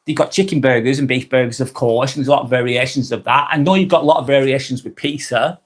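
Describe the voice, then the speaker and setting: A man in his forties hosting a live stream, chatting casually and reading out viewer comments, friendly, rambling and quick to apologise. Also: mid-range voice. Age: 40s. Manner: chatty and friendly, ranting a little, apologising often.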